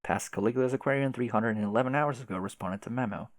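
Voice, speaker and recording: Brief: casual male webcomic reader, mid pitch, dry close recording. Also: fast talker, dry recording. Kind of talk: reading a webcomic aloud.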